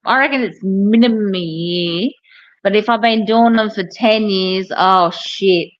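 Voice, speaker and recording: A woman, a hairdresser chatting casually and telling animated stories, with plenty of swearing. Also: medium pitch, measured pace, dull audio. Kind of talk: casual chat.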